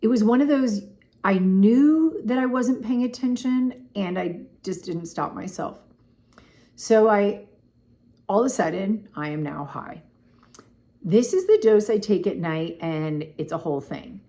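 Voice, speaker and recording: A middle-aged woman chatting casually to camera, telling a personal story in an animated way, with lots of "like" and "oh my gosh.". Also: mid-range voice, a little slow. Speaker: vlogger.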